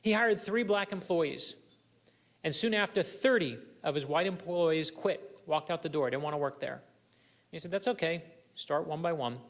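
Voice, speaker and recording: A middle-aged man speaks as a guest at a club luncheon, his voice sitting a little higher than most men's. He tells personal anecdotes in an earnest way and keeps turning to address the listeners in the room. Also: moderate pace. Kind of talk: storytelling keynote speech.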